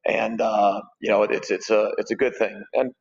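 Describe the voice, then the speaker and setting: A man's voice: on the low side, little pitch movement, normal speed, gravelly, big-room sound, muffled recording. A man in his forties, a gym owner talking as a podcast guest in an easygoing, rambling way with lots of fillers and restarts. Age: 40s. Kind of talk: casual podcast conversation.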